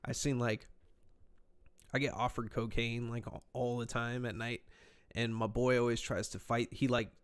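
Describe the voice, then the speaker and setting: A man's voice: medium pitch, level tone, normal speed, smooth. A man chatting casually on a podcast, telling laid-back stories and swearing freely. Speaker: podcast host. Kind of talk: casual chat.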